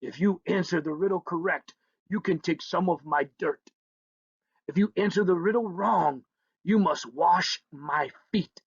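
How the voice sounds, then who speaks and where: A man voicing a grumpy eight-foot green male troll who bellows slowly, on a dull lo-fi recording. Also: sits high, husky, no echo, exaggerated voice. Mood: gloating.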